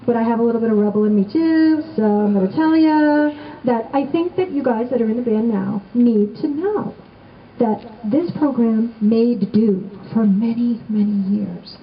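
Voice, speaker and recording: A middle-aged woman speaks warmly and with gentle humor to a gathered crowd, her voice sitting a little high. The recording is slightly dull and muffled, with a faint hiss behind her. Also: moderate pace. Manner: heartfelt, storytelling, gently humorous. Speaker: assistant band director giving a remembrance talk. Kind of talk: speech to a gathered audience. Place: indoors on the steps of a renovated old building.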